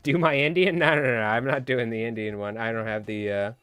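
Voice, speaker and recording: A man's voice: mid-range voice, fairly even intonation, brisk, a bit bright, clean tone, no echo, faint music behind. A man chatting casually on a live stream while tying flies, rambling and joking at his own expense. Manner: rambling, self-mocking, joking.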